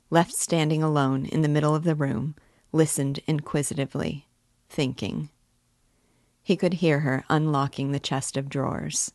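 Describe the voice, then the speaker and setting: A woman teacher narrating a classic novel as an audiobook, in a measured, clear manner. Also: sits low, a little mellow, no echo, clean studio sound. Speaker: literature teacher and reader.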